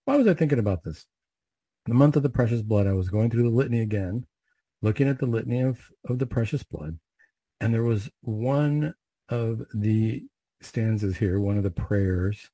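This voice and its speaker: A middle-aged man who leads recited prayers, then gives a measured, conversational spiritual reflection. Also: lowish voice, lively intonation, mellow, dry recording, poor audio. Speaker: Catholic prayer leader and speaker.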